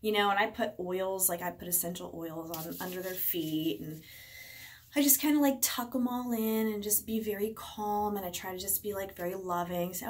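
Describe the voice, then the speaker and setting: Woman, 30s, casual home vlogger, chatty with lots of fillers, acts out quotes, mid pitch. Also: lively intonation, normal speed, slight background noise. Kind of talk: casual personal vlog. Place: indoors at home.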